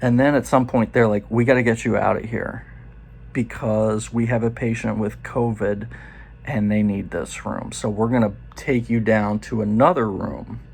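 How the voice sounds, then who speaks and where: Gravelly man telling a casual story. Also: on the low side, fairly even intonation, darkish tone. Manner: loose and profane, quoting others in quick asides. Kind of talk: casual first-person storytelling.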